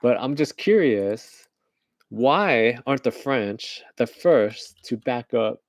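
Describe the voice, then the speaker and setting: A man's voice: mid-range voice, expressive, takes it slowly, dry recording. A man from the United States giving rambling, joking current-events commentary on a livestream, often laughing at his own jokes.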